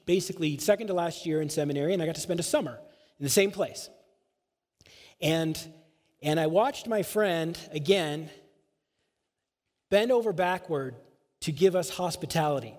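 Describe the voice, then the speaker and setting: A man's voice: a little high, darkish tone. A male pastor telling a personal story in a sermon, casual and rambling, full of filler phrases. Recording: long hall reverb.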